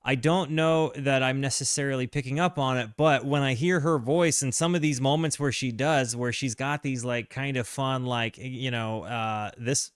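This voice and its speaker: A man's voice: medium pitch, fairly even intonation, moderate pace, hardly any pauses, clear, resonant tone, no echo, clean studio sound. A man from the American South giving casual, hesitant reaction commentary, often restarting and repeating his words. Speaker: music reaction host. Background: faint music playing.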